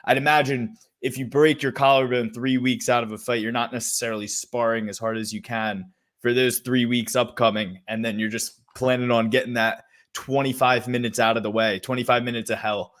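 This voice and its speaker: A man's voice: medium pitch, little pitch movement, a little fast, fairly bright tone. A man co-hosting a casual podcast, making joking remarks and laughing at his own lines. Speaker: podcast co-host. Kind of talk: casual chat.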